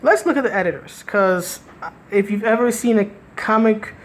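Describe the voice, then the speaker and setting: A woman's voice: medium pitch, moderate pace, slight background noise. A woman giving a casual, critical spoken review, rambling with restarts and frequent "right?" asides, with a sardonic edge. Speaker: comic book reviewer.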